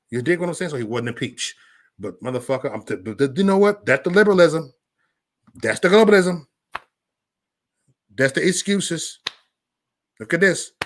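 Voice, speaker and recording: A man ranting on a casual livestream, loud and profane, stammering and restarting, talking straight to viewers by name. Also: on the high side. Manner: chats directly with viewers by name. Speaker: livestream vlogger.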